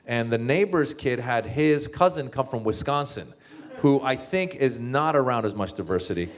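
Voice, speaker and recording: Animated male comedian telling stories. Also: mid-range voice, moderate pace, a crowd in the background. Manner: animated storyteller, many restarts. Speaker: comedian and author. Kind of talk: comic talk to a live audience.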